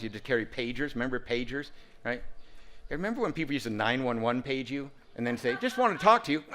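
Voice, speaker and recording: Fifties male speaker, lively humorous storyteller, plain mid voice. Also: medium pitch. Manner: animated, humorous, full of sound effects. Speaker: recovery talk speaker. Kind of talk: personal storytelling speech.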